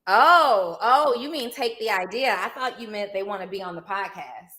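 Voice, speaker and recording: Bright-voiced woman, animated podcast co-host. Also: mid-range voice, moderate pace. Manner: animated storyteller, laughing often. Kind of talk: casual podcast chat.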